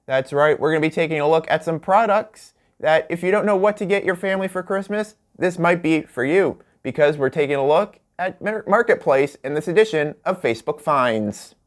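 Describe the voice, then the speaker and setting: A man's voice: on the high side, expressive, a little fast, few pauses. Joking late-night host, a man. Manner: jokey, laughs at his own bits, stretches words for emphasis. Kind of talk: comedic late-night talk show hosting.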